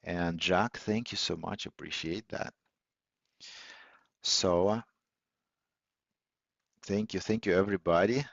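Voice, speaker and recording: A man hosting a live online audio session, teaching in a measured way with many fillers and restarts. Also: deep voice, vocal fry, no room sound. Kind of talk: teaching talk on listening skills. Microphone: computer or phone mic on a call. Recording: dull, lo-fi audio call, dry.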